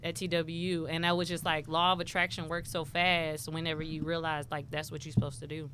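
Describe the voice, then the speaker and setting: A woman from Houston, a rapper and poet telling lively stories as an interview guest and acting out what people said. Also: low-pitched, fairly quick, slight background noise. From Houston, Texas. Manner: animated storyteller who acts out quoted dialogue. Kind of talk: casual interview chat.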